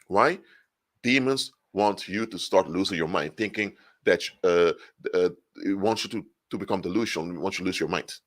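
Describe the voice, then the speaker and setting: A man giving an animated solo monologue, explaining through hypothetical examples, often restarting and correcting himself mid-sentence. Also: low-pitched, normal speed. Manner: frequent restarts and self-corrections. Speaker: spiritual commentator.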